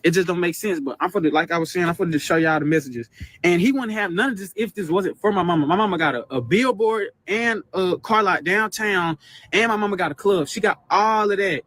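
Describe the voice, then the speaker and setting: A twenty-year-old man with a high, fairly bright voice vents about his family as a guest telling his story. He's casual and aggrieved, rambling fast and repeating himself.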